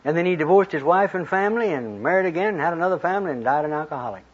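Folksy male preacher, husky voice, on a dull lo-fi tape. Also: on the high side, racing. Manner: folksy, retells scripture in plain talk with lively quoted voices. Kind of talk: storytelling sermon. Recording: dull lo-fi recording.

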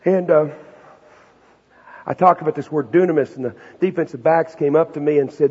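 A man preaching a sermon to students in a folksy, animated, slangy storytelling manner. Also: a little high, brisk, slightly rough. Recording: dull recording with long hall reverb.

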